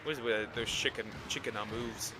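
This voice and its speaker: A young man streaming a game, chatting casually, cursing and yelling in bursts at the monster he fights. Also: medium pitch, brisk, music in the background. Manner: excitable, swears, yells at the game. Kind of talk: casual gaming commentary.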